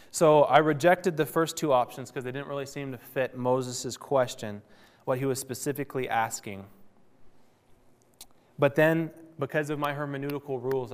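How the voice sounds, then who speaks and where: A man preaching a sermon, explaining scripture and softly, slowly voicing God's words. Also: mid-range voice, clear, resonant tone. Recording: long hall reverb.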